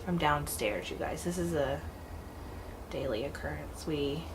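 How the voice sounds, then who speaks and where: Woman, 30s, casual vlog, chatty, rambling, heartfelt, lowish voice. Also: measured pace, noisy background. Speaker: vlogger. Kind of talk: casual vlog talk to camera.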